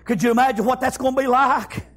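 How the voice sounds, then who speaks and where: A man's voice: very high-pitched, fairly even intonation, fast, a bit bright. A middle-aged man, preaching a revival sermon and chanting "praise God" and "amen" between phrases.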